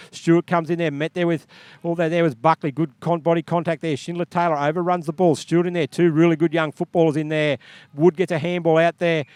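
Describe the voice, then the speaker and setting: A man calls a local football game at full speed, reeling off names and plays one after another. His voice is smooth and clear, slightly high, and recorded dry and close with no room sound. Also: a little mellow, no echo. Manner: rapid running play-by-play with casual asides. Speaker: play-by-play commentator. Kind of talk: live sports commentary.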